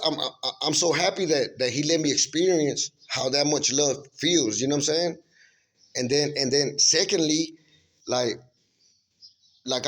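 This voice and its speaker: With a fairly bright, high-side voice, a man earnestly describes a spiritual vision as casual spoken testimony. His informal, emphatic storytelling rambles, restarting often and repeatedly asking "you know what I'm saying."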